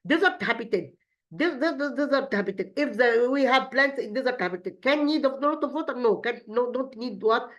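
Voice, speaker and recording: A woman, an Arabic speaker, teaching an English lesson in a halting way, repeating words and asking questions that she answers herself. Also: fairly high pitch, animated, lo-fi sound. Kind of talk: recorded classroom lesson.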